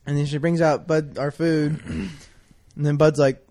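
A man's voice: fairly high pitch, level tone, measured pace, warm tone. A young man in casual chat, telling a story in a laid-back, profane way and quoting others.

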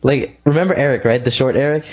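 A man's voice: mid-range voice, quick pace, darkish tone, dull audio. A teenage boy co-hosting a casual podcast, laid-back and joking with short replies. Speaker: podcast co-host. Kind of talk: casual chat.

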